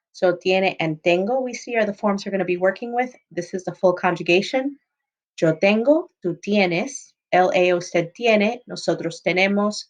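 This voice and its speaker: In a low-quality recording, a lowish-voiced adult woman, not young, teaches Spanish. She explains things patiently and alternates between English and Spanish examples.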